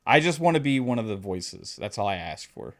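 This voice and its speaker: A man's voice: on the low side, very animated, fairly quick. Joking podcast host, laughing man. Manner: laughs often, reads chat shout-outs, joking. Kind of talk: casual podcast chat.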